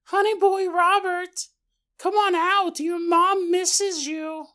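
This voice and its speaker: A man's voice: extremely high pitch, little pitch movement, slow pace, pushed and bright, voice pushed up, full character voice. A man voicing a shape-shifting alien that fakes a mother's sweet, sing-song voice to lure her son. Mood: cooing.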